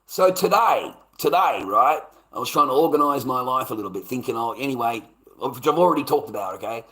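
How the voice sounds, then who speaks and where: A man's voice: medium pitch, fast talker, a bit bright. A man hosting his own channel, ranting on a livestream in a confrontational, sarcastic way, swearing and repeating himself. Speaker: channel host. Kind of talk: livestream rant.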